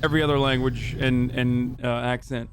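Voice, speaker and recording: A man's voice: medium pitch, little pitch movement, moderate pace, background noise. A man hosting a stream, giving joking, chatty reaction commentary. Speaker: streamer host.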